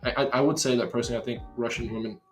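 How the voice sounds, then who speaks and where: An American man hosting a relaxed chat and talking freely, with plenty of "like"s. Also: mid-range voice, rapid-fire, faint music behind. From USA. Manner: relaxed, talkative, many "like"s and little impressions. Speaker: host. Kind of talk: casual chat.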